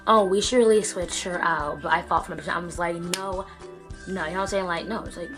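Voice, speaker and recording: A woman's voice: on the low side, steady tone, fast, over music. A teenage girl telling a story in a casual vlog, chatty with many fillers, acting out what people said. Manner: chatty, lots of fillers and quoted dialogue. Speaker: vlogger.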